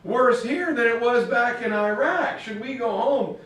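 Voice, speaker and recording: A man's voice: very high voice, a little slow, fairly bright tone, a little hiss or hum, voice pushed up. A man voicing a band of weary wandering male herders, exasperated and exclaiming, in an echoey classroom recorded from far off.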